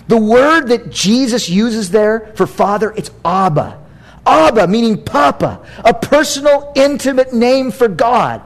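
A middle-aged American pastor with a high-pitched voice preaches a sermon, conversational and animated, tossing in playful asides.

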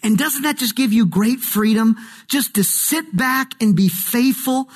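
A man preaching a sermon, reading scripture and then talking in a relaxed, joking, emphatic way. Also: extremely high pitch, a little slow. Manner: conversational, jokey preaching with emphatic swings. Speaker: pastor.

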